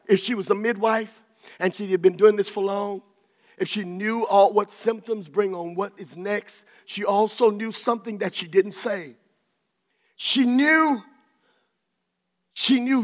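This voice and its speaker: A male pastor preaching in a fervent, high-pitched voice, hammering phrases again and again and then falling to quiet asides. His voice rings out with the long reverb of a large church hall. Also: unhurried, long pauses. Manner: shouting, rhythmic repetition, drops to soft asides. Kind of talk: sermon. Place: church sanctuary.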